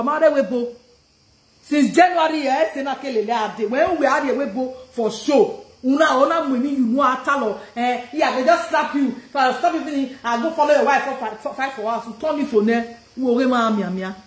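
A woman's voice: high-pitched, fairly quick, roomy sound. A woman with a Nigerian accent ranting confrontationally on a live stream, repeating her questions and switching languages mid-sentence. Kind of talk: heated live-stream rant.

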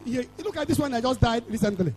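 Nigerian male evangelist, high lively voice, fiery call-and-response sermon. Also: fast talker, husky, poor audio. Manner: shouting, sing-song call-and-response preaching. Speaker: evangelist preacher.

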